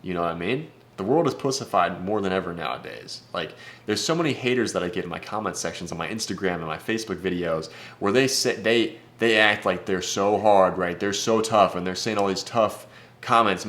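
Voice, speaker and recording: Deep-voiced guy coaching on dating, blunt and swears a lot, real casual. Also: brisk, fairly bright tone. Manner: brash, profane, blunt. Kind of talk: casual vlog advice talk.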